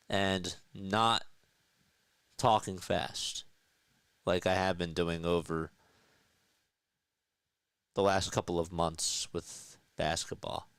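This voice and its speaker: A young man doing live baseball play-by-play on his own stream, trading casual talk with his chat between pitches. His voice is fairly low yet bright and crisp, recorded dry and close on a desk mic. His calls of each pitch jump up in pitch and energy. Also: no room sound.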